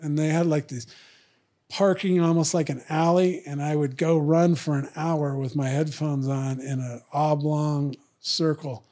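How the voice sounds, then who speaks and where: A man's voice: a little high, fairly even intonation, unhurried, mellow. A man telling a long story in casual podcast chat, acting out other people's lines in raised voices. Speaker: podcast guest, retired fighter.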